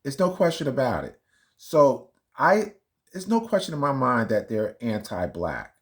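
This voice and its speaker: Low-ish voiced guy reacting to clips, emphatic, fumbling with the player. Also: vocal fry. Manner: emphatic, argumentative, fumbling with playback. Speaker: commentary channel host. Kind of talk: casual reaction commentary.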